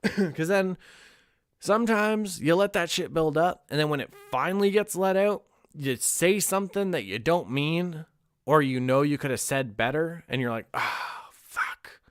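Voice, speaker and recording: A man's voice: a little high, normal speed, clear, resonant tone, no room sound, clean studio sound. A young man chatting casually on a livestream, candid and rambling, swearing now and then and laughing often. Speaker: streamer.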